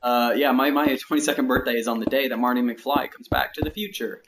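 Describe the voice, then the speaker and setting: A man in his early twenties talks a little fast in a steady, mid-range voice while streaming a building game. He rambles casually, thinks aloud between tasks, and quietly counts blocks. There's noticeable background noise and clicking.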